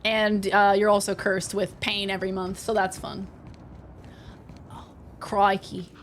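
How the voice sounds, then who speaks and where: A woman's voice: medium pitch, flat delivery, normal speed, slight background noise. A young woman casually chatting with her stream chat while gaming, playful and sarcastic, swearing freely.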